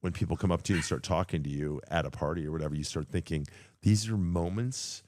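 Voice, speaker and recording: A man's voice: extremely low pitch, steady tone, very fast, a little mellow, no room sound, studio quality. A man in his late fifties co-hosting a podcast, telling long rambling backstage stories with restarts and swearing. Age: 50s. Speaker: podcast co-host. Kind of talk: casual chat.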